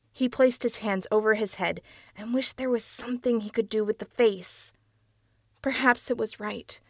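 A woman narrating a dark tale for an audiobook in a measured reading. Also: mid-range voice, dry recording, studio quality. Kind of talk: storybook narration.

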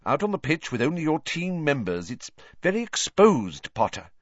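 A man reading aloud voices a stern, strict older female teacher who speaks in a crisp, serious way. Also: fairly high pitch, very animated, normal speed, no room sound, pitched above the performer's own voice. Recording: dull lo-fi dry recording.

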